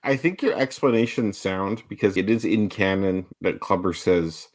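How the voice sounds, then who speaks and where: A man's voice: low voice, moderate pace. A man co-hosting a casual podcast chat, arguing his point in long runs. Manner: argumentative, makes his case in long runs. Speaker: podcast co-host.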